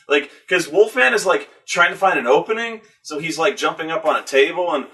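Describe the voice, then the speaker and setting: A man in casual chat, excitable and profane, recapping a film with stammering restarts and acted-out grunts. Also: fairly high pitch, normal speed. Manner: excitable, acts out scenes with loud grunts and shouts. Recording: voice from a distance from the mic.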